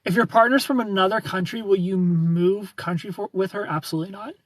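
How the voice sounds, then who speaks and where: A young man with a Southern US accent hosts a casual livestream, teasing and greeting viewers by name. His voice sits a little higher than most men's. The sound is dry and close, with no room echo. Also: fairly even intonation, a little fast. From United States. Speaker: livestream host. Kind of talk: casual chat with live viewers.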